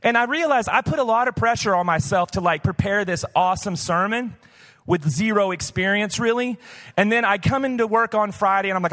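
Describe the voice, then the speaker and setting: A man's voice: high voice, expressive, fairly quick, sharp tone, big-room sound. A man from the Missouri Boot Heel preaching a casual live sermon as pastor, candid and chatty with many "like" fillers. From Missouri Boot Heel, USA. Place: church auditorium, live.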